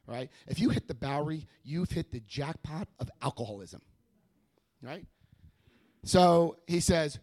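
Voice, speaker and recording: A man speaking at a recovery meeting, telling his own story to an audience in a lively, self-mocking way with jokes. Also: medium pitch, no room sound. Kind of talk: humorous personal storytelling to an audience.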